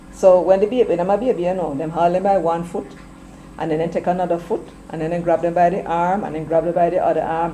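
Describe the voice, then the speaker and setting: Chatty Jamaican woman, husky morning throat. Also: on the low side, mellow, a little hiss or hum, poor audio. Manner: chatty, drifts between patois and English. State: slightly hoarse, clearing throat. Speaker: commentary channel host. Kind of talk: casual commentary to camera.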